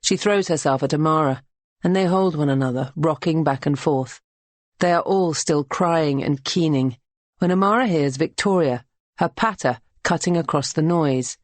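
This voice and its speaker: Woman reading an audiobook, low deep voice, measured, very dry close recording. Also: no echo. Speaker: audiobook narrator. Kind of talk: scripted narration.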